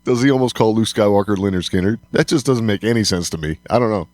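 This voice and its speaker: A man's voice: lowish voice, fast, darkish tone, no room sound, clean studio sound. A man co-hosting a podcast in casual chat, agreeable and laughing often. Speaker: podcast co-host.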